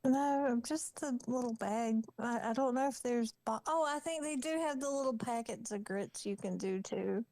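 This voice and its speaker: A woman's voice: on the high side, darkish tone, no echo. A woman in a casual chat, talking about food and family with easy amusement. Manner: unhurried, amused, exclaims in surprise.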